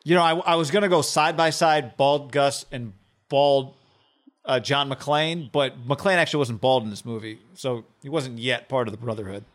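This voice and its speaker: A man's voice: medium pitch, fairly even intonation, normal speed. A man co-hosting a sports podcast in easygoing, joking banter. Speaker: podcast co-host. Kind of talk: casual sports chat.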